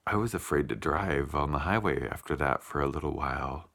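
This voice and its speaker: Very deep gravelly man, heartfelt. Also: fairly bright tone. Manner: heartfelt, unhurried, with many pauses and fillers. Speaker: vlogger. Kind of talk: personal storytelling vlog.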